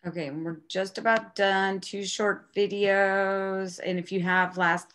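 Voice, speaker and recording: A woman's voice: mid-range voice, fairly even intonation, unhurried, fairly bright tone. A woman presenting an online conference workshop, speaking in a casual, friendly way.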